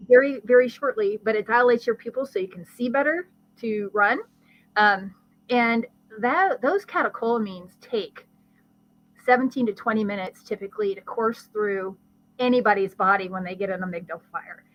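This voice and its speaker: A woman, a guest expert, explaining brain science in conversation with a lively teaching manner and vivid everyday examples. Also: mid-range voice, moderate pace, lo-fi sound. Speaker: guest expert on ADHD and learning.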